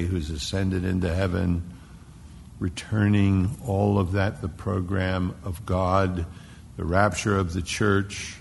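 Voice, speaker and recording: A man preaching an expository sermon, dropping to a hushed whisper for emphasis and digressing into word study. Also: deep voice, gravelly, a little hiss or hum. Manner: dramatic drops to a hushed whisper. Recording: long echo in a large hall.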